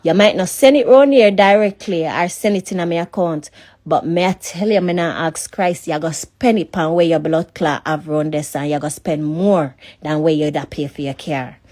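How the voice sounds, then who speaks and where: A woman's voice: low-pitched, normal speed, darkish tone. A woman with a Jamaican accent ranting heatedly in a voice note, cursing and repeating herself. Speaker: person in a leaked voice note.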